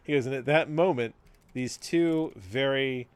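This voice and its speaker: A man's voice: medium pitch, unhurried, clean tone, no room sound. A man co-hosting a podcast in casual chat, telling a rambling story with frequent laughs and casual swearing. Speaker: podcast co-host.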